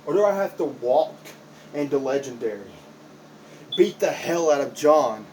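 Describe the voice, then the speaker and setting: A man's voice: a little high, animated, moderate pace, darkish tone, a little hiss or hum, low-quality recording. A man cutting an impassioned, confrontational wrestling promo, repeating himself for emphasis as a backyard wrestler.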